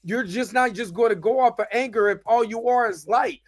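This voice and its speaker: Animated man recapping in casual slang. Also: a little fast, no echo. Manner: rambling, conversational, repeats "you know what I mean"; animated, rises in pitch when worked up. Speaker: host reviewing a TV episode.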